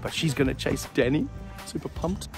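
A man's voice: moderate pace, over loud music. A man with a South African accent, joking and laughing his way through a casual outdoor vlog at an animal park. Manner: jokey, laughing often, pitch jumping high when amused. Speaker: visiting wildlife handler.

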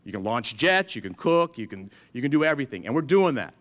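A man's voice: mid-range voice, big pitch swings, quick pace, fairly bright tone. A middle-aged man, a museum chief engineer, telling stories to an audience and acting out dialogue. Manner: storytelling, acts out dialogue with others. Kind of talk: animated speech to an audience.

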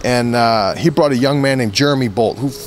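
A man's voice: mid-range voice, brisk. A man, a former fighter, giving an interview and telling a long anecdote in a loose, rambling way full of restarts. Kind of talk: casual storytelling interview.

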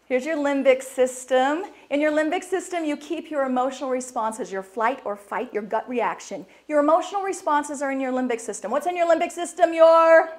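A middle-aged woman giving a lively inspirational talk to an audience, laughing and quizzing them as she goes. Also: high-pitched, a little fast, hardly any pauses. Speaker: speaker at a women's conference.

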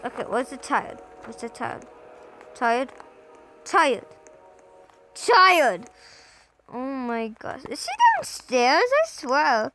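With game music in the background and poor audio, a young woman speaks slowly in a high voice with big pitch swings, pausing often. Playing a game as a parent character, she keeps up a chatty commentary, repeating words in bursts and yelping suddenly.

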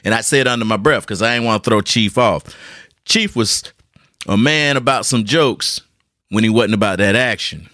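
A man's voice: on the low side, normal speed, no room sound, studio quality. A man hosting his own podcast, telling a casual, jokey story to his listeners. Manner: animated, jokey, repeats words, talks to listeners. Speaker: podcast host. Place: hot room at home with a ceiling fan.

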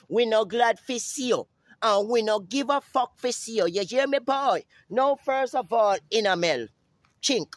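A brash man with a Jamaican accent, ranting profanely in a casual vlog outdoors, repeating himself and breaking into sudden high-pitched calls. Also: no room sound. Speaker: vlogger. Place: outdoors in the sun.

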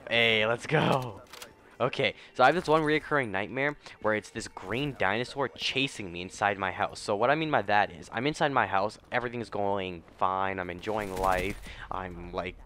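A man's voice: on the low side, normal speed, bright, forceful tone. A young man giving casual, rambling commentary over his gameplay, with bursts of profane trash talk. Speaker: gaming YouTuber and streamer.

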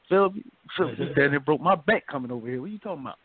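A man's voice: a little high, expressive, fast, crowd noise. A man hosting a radio talk show, chatting loosely and often asking "you feel me?". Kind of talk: casual discussion. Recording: dry, phone-like narrow sound.

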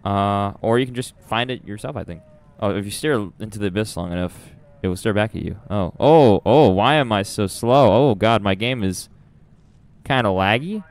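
A man's voice: lowish voice, moderate pace, clear, resonant tone. Nervous young man streaming a horror game. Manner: nervous, rambling, laughs often. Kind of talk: live gameplay commentary.

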